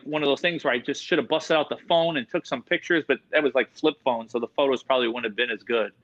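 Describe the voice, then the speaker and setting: A man who breeds reptiles, telling stories in casual chat with lots of fillers and swearing, getting animated. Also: fairly high pitch, lo-fi sound.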